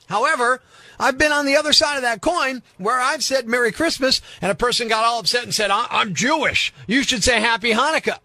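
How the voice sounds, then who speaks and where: A man's voice: extremely high pitch, bright, forceful tone, no echo. A man hosting a morning rock radio show, delivering a sarcastic, punchy rant from a studio. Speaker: radio host.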